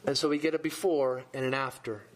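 A man preaching a sermon who reads scripture aloud with rising intensity and then explains it in a lower voice. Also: fairly even intonation, brisk.

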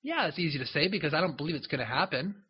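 Husky-voiced man preaching conversationally. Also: a little high, expressive, racing, muffled recording. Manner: conversational storytelling with frequent asides to listeners. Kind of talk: sermon, retelling a Bible story.

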